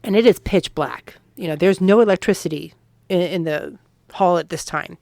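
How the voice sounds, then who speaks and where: Woman co-host telling ghost stories, kinda hushed and earnest, dry mic. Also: fairly low pitch, normal speed, vocal fry, no room sound. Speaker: podcast co-host. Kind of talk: casual storytelling.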